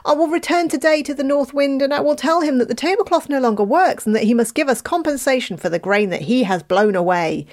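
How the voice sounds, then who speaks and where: A woman voicing a young boy in a spoken storybook, high and stammering. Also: lively intonation, fairly quick, few pauses, darkish tone. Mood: pleading. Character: frantic young boy, pleading and eager.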